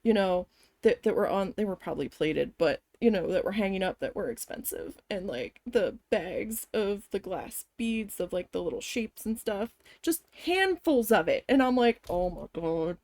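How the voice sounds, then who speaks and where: A woman's voice: mid-range voice, lively intonation, moderate pace, darkish tone, no room sound. A woman chatting casually while she embroiders, telling a long story in a rambling, profane way with lots of fillers. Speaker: craft vlogger.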